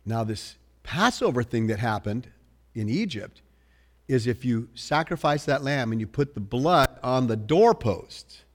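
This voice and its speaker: A man preaching a sermon to his church in a mid-pitched voice. He tells the story with humor and big swings, jumping from loud, lively bursts down to quiet, serious lines. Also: measured pace. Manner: animated, jokey storytelling with swings between loud and hushed. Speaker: pastor.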